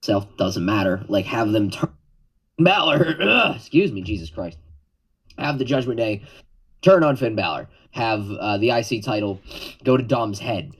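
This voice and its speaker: A man co-hosting a podcast in casual chat, halting and full of "um"s, swearing offhandedly. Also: on the low side, big pitch swings, husky, low-quality recording. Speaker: podcast co-host.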